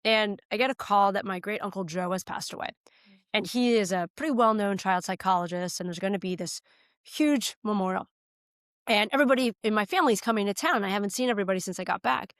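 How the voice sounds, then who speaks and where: An American political candidate, a woman, shares a heartfelt personal story as a podcast guest, earnest and sometimes choked up. Her mid-range voice moves at a quick pace, captured in studio quality with no room sound.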